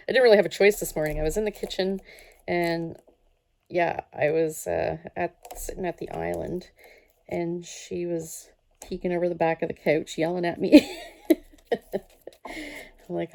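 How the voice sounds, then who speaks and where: A woman's voice: lowish voice, measured pace, vocal fry, pauses often, darkish tone. A woman host chatting casually while she makes a craft page, rambling through stories and talking to herself as she works.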